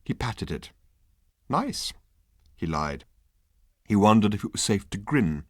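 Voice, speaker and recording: Brief: lively male audiobook reader, wry and deadpan, low voice, dry close sound. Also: moderate pace, dry recording. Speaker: audiobook narrator. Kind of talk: scripted narration.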